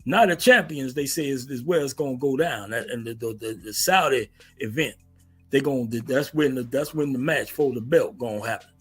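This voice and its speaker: A man hosting a casual, animated wrestling recap, stammering and repeating himself as he talks. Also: mid-range voice, normal speed, breathy edge, soft background music. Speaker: wrestling commentary host.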